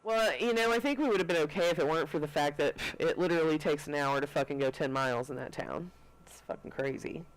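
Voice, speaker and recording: A man's voice: a little high, fast, low-quality recording. A man co-hosting a podcast, chatting casually and telling laid-back stories full of swearing. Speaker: podcast co-host. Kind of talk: casual chat.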